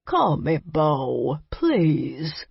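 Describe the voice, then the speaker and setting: A woman voicing a timid, wheezy elderly male vampire in an audiobook, slow and pleading. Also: sits low, very animated, creaky, husky, dry recording, highs cut off, exaggerated voice. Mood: earnest. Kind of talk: audiobook character voice.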